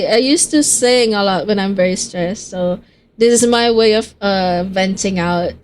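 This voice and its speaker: A woman's voice: medium pitch, slight background noise. A woman streamer chatting casually with her viewers on a live stream, swearing freely as she talks.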